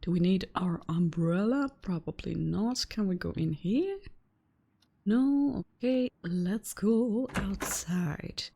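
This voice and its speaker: A woman doing slow, musing gameplay commentary and reading on-screen text aloud. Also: mid-range voice, creaky, dark tone, husky. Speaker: let's play host.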